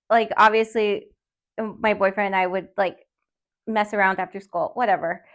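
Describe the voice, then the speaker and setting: A woman hosting a podcast, telling a story in a rambling, self-conscious way with nervous laughs. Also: medium pitch. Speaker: podcast host. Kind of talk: casual solo podcast storytelling. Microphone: studio podcast mic.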